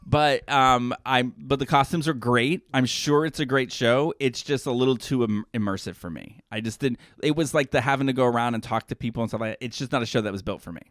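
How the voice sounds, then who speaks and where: Podcast co-host, male, mid-pitched, rambling storyteller, dry close mic. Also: a little fast, few pauses, fairly bright tone, no echo. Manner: rambling storyteller, self-correcting. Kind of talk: casual chat.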